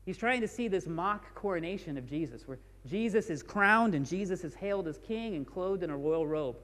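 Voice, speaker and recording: A man's voice: high-pitched, animated, normal speed, a bit bright, long reverb tail. A man preaching a sermon as a pastor, speaking informally and reading scripture aloud with rising emphasis. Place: church sanctuary.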